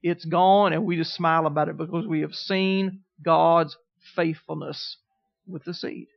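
A middle-aged man preaching a sermon in a high voice, telling stories and asking the room for amens. The recording is dull and muffled. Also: fairly even intonation, unhurried, vocal fry. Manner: storytelling preacher, calls out "Amen?" to the congregation. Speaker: pastor.

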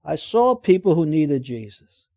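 High voiced guy preaching, jokey storyteller, voice swings all over. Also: measured pace. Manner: lively, joking, calls out to the audience. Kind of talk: sermon with humorous storytelling.

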